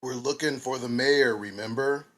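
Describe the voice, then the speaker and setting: A man's voice: medium pitch, moderate pace, a bit bright. A man playing a tabletop game, chatty and often stumbling over his words.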